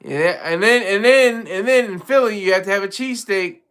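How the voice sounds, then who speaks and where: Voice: mid-range voice, brisk, fairly bright tone. A live-stream host chatting casually with viewers, rambling, restarting sentences and laughing often. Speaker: livestream host.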